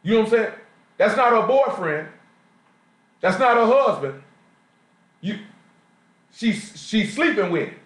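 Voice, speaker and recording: A man preaches unhurriedly with long pauses, his high-pitched, animated voice fairly bright in tone. His slangy street-talk sermon, in a Southern Jacksonville, Florida accent, often poses questions to the congregation. It comes from a live stream in an echoey church assembly room.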